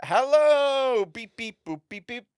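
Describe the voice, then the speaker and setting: A man voicing a clunky male robot comedian who beeps between slow, drawn-out words. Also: extremely high pitch, animated, clean tone, no room sound, clean studio sound, pitched above the performer's own voice, heavily acted. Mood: robotic.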